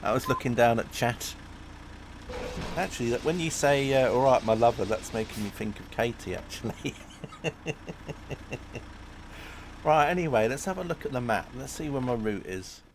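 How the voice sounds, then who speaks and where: A man's voice: medium pitch, lively intonation, moderate pace, pauses often, a little hiss or hum. A man streaming a driving game, chatting in a rambling way and giggling at his own jokes. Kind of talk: live-streamed gameplay chat.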